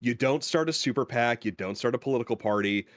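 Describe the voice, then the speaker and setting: A man's voice: mid-range voice, fast, no room sound, clean studio sound. A man in casual podcast chat, explaining his views in a confident, wry way. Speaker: podcast co-host.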